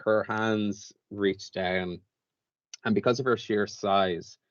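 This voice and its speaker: A man narrating a tabletop game as game master, with relaxed, lively description. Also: fairly low pitch, slow pace, dry recording, dull audio.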